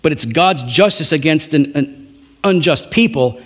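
Man preaching an animated sermon. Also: on the high side, a little slow. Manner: animated preaching, acting out quoted voices, frequent restarts. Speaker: pastor.

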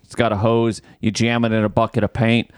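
A man with a lowish, smooth voice speaks a little fast with flat delivery, in clean studio sound without room sound. As a podcast host telling a story in casual chat, he swears freely and acts out his own exasperation.

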